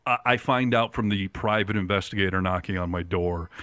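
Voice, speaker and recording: A man's voice: deep voice, brisk, no room sound. Middle-aged man telling a wild story. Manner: animated storyteller, acts out quoted voices. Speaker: radio talk show host. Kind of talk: casual storytelling chat.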